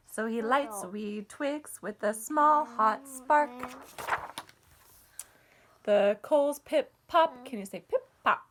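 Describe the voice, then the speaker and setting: A woman's voice: sits high, slow, noisy background. A woman teacher reading a picture book aloud to children in a sing-song way, asking them to join in. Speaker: music teacher.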